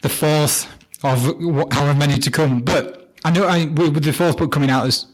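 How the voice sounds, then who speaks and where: A man hosting a podcast, talking in a relaxed, slightly halting conversational way. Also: a little high. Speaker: podcast host. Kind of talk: casual interview chat.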